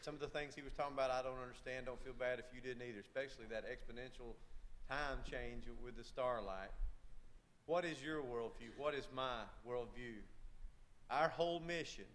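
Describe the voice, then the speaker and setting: A man preaching a sermon, emphatic and repetitive, with halting asides. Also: medium pitch, a bit bright, slight background noise.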